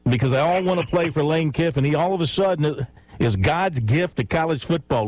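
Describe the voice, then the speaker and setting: A man's voice: fairly high pitch, a little fast, a little mellow, dry recording, low-quality recording. A man hosting sports talk radio, making playful predictions and teasing his caller. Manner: playful, teasing, laughs at his own picks.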